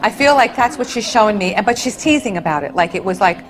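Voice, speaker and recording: A woman's voice: medium pitch, lively intonation, fast, faint music behind. Soothing medium woman with endearments. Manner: soothing, endearments, relays messages. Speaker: psychic medium. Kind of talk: live audience reading.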